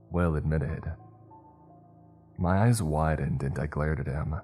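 A man reading a horror story aloud in a steady, measured storytelling manner. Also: rumbling low, soft background music. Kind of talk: scripted horror narration.

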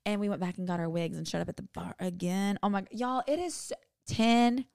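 A woman co-hosts a podcast in easy, joking chat, her voice a little hoarse. She laughs often and talks in a mid-range pitch. The mic is close and dry. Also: darkish tone, dry recording. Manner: chatty, jokey, quick laughter. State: slightly hoarse. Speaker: podcast co-host. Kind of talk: casual chat.

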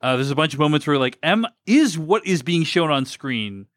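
A man's voice: fairly high pitch, animated, moderate pace, fairly bright tone, dry recording, clean studio sound. A man co-hosting a film podcast, talking casually and rambling through his thoughts with many fillers and restarts. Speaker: podcast co-host. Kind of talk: casual film review chat.

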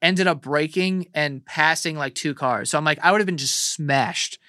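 Man, higher-pitched and animated, swears freely, telling stories on a podcast. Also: moderate pace, no room sound, clean studio sound. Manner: animated storytelling, heavy swearing. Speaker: guest co-host. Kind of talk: casual podcast chat.

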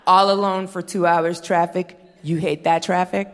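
A woman in her thirties doing a profane, deadpan stand-up set, acting out quotes in her stories. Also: on the low side, moderate pace. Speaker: stand-up comedian. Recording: long reverb of a performance hall.

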